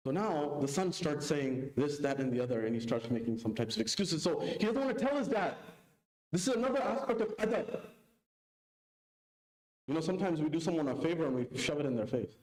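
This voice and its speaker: A man giving a sermon, telling a story and acting out its dialogue with big pitch jumps. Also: lively intonation, a little fast, darkish tone. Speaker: preacher. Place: mosque hall. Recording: echoey mosque hall.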